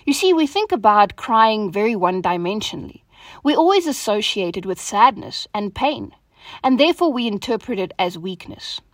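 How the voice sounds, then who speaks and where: A woman hosting a devotional talk, opening with prayer and then speaking in an earnest, gentle, reflective way, her voice softening at the ends of phrases. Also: mid-range voice, big pitch swings, moderate pace, dry recording, clean studio sound. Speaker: devotion host.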